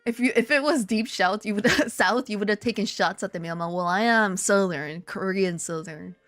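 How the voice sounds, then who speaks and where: A woman chatting casually with her viewers, telling stories with swearing, laughter and sudden high excited outbursts. She lives in Korea. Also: moderate pace, no echo, soft background music. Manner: animated storytelling, swearing, laughing, jumps to high excited exclamations. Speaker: streamer. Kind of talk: casual chat reading viewer comments.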